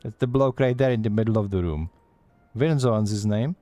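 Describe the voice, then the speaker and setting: A man's voice: fairly low pitch, normal speed, mellow, faint music behind, lightly acted. A man voicing a teasing female guild receptionist from a game, in a put-on Scottish accent, reading her dialogue aloud in a folksy, storytelling way. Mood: yarn-spinning.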